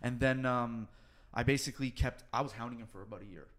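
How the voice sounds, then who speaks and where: A nutritionist and weight-cut coach chatting on a podcast, telling his story quickly, swearing freely and acting out what people said. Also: medium pitch, fairly bright tone. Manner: fast storytelling, swears often, acts out quotes. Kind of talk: casual podcast chat.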